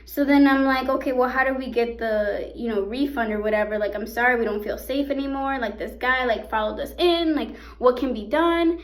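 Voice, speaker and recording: A young woman telling a storytime vlog in a casual, animated way, full of fillers and swearing. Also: sits high, a little fast, few pauses. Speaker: vlogger. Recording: echoey room.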